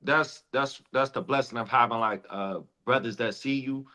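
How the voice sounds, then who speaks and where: Bright-voiced earnest male comedian. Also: medium pitch, moderate pace. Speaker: comedian guest. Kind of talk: casual chat.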